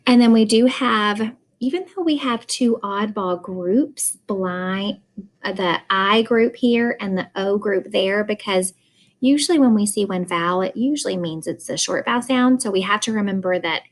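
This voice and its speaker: A woman teaching a phonics lesson at a very unhurried pace, stretching out each vowel sound. She speaks in a calm, mid-range voice and explains each step. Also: mid-range voice, low-quality recording. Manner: slow, deliberate, sounds out vowels.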